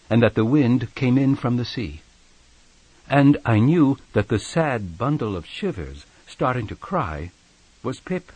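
A male audiobook narrator reads in a measured, expressive storytelling manner, his pitch moving a lot. His voice has a slightly husky grain, and the recording is close and dry. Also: no room sound. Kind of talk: scripted narration.

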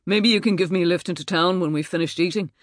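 A woman's voice: fairly low pitch, quick pace, dry recording, studio quality, natural voice. Woman putting on a blunt hulking guy. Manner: blunt, distracted. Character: blunt hungry hulking male rugby player.

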